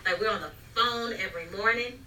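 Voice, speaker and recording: A woman's voice: medium pitch, fairly quick, bright, forceful tone, a little hiss or hum. A woman, a mother, chatting animatedly about raising her daughter and acting out what she says. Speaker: mother sharing parenting stories. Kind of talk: casual family chat. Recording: echoey room, mic at a distance.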